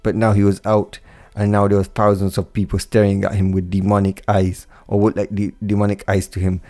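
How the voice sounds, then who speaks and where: A man's voice: on the low side, completely flat delivery, fairly quick, warm tone. A man narrating a fan fiction story in an unpolished reading with frequent slips and restarts.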